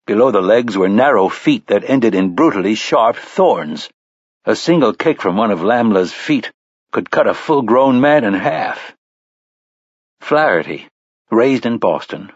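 Husky-voiced male audiobook narrator. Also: lowish voice, no room sound, dull audio. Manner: measured storytelling delivery. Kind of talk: scripted narration.

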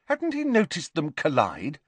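A man narrating an audiobook with an animated, dramatic reading. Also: on the high side, measured pace, husky, dry recording. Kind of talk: scripted narration.

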